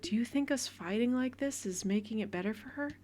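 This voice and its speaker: A woman's voice: fairly high pitch, a little fast, background noise, natural voice. A woman voicing a worn-out young widowed mother who answers back in a strained, defensive voice.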